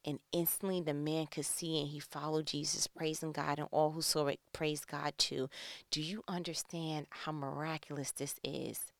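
A woman preaches a sermon in a low-sitting, level voice at a moderate pace, with vocal fry and no room sound. She's emphatic yet conversational, posing rhetorical questions and swinging between loud calls and hushed tones.

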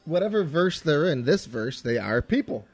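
A man with a husky voice, insisting on his point in a casual podcast chat. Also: on the high side, big pitch swings, normal speed. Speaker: podcast co-host.

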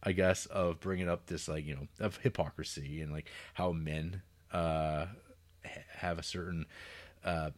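A man's voice: a bass voice, steady tone, unhurried. A man co-hosting a film podcast, talking casually and profanely, laughing and acting out scenes with sarcasm. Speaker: podcast co-host reviewing films.

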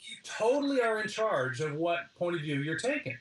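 Animated middle-aged man in a roomy space. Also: sits high, normal speed. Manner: lively, restarts phrases, summarizes points in lists. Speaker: guest, design lecturer. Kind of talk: animated interview storytelling. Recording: roomy, from a distance.

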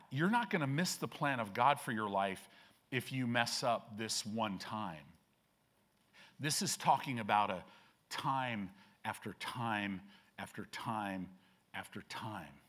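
A man's voice: medium pitch, bright, forceful tone. An older male pastor preaching in a church, telling stories conversationally and building up to emphatic declarations. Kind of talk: sermon. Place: church sanctuary.

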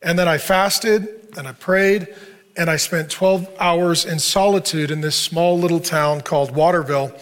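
Male pastor, middle-aged, slightly higher voice, relaxed conversational sermon delivery, earnest. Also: moderate pace. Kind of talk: sermon to a men's group.

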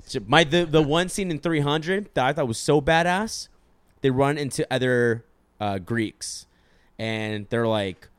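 Profane, animated young man telling stories. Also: mid-range voice, a little slow, smooth, dry recording. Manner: animated storyteller, profane, acts out quotes. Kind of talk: casual chat.

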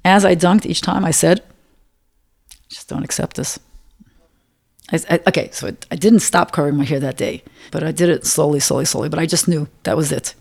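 A middle-aged woman recounting a personal experience in an interview, emotional and halting, often repeating words. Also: low voice, vocal fry, darkish tone.

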